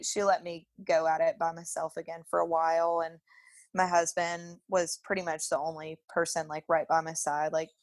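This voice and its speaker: A woman's voice: low voice, gravelly, no room sound. A young woman telling a personal story as a podcast guest in a casual, chatty way, with frequent "like" fillers and laughter. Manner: chatty, peppered with "like", laughs often.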